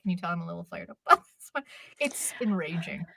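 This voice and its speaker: A woman co-hosting a live stream chat, ranting in an exasperated, animated way. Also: on the low side, very fast, gravelly, dry recording. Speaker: co-host.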